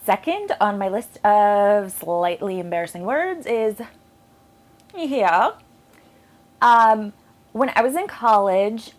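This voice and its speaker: A young woman casually talking to camera in a vlog, chatty and self-deprecating, with plenty of ums. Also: mid-range voice. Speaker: book vlogger.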